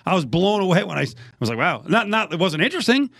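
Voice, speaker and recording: A man's voice: high voice, very animated, very fast, creaky, a bit bright, dry recording. A man hosting sports talk radio, bantering wryly and reading ticket promos.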